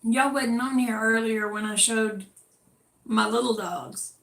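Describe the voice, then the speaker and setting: A woman with a Southern drawl chats casually and effusively on a livestream from home, in an echoey room. Her voice is a little high and a bit bright, with vocal fry, fairly even intonation and a slightly slow pace.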